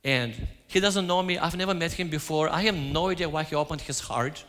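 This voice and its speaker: A man's voice: on the high side, brisk, a bit bright. A man giving a sermon, telling stories and acting out his own quoted lines. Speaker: preacher. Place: church. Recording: hall reverb.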